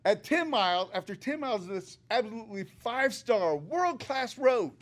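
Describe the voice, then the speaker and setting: A man's voice: sits high, big pitch swings, normal speed. A retired older man speaking during public comment at a meeting, chatty and joking, with an upbeat manner, at a podium microphone in a meeting room.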